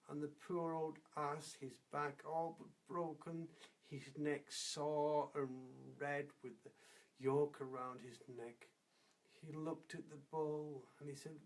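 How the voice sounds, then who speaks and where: A man telling a folk fable aloud, unhurried and expressive, dropping soft at times. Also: mid-range voice. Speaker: storyteller. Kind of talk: oral storytelling of a fable.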